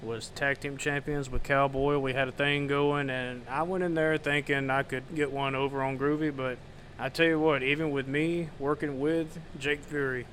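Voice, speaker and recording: A man chiming in on a casual podcast with a candid, chatty delivery. His voice is at a middle pitch, and a faint noise hangs in the background. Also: level tone, moderate pace, a bit bright. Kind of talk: casual chat.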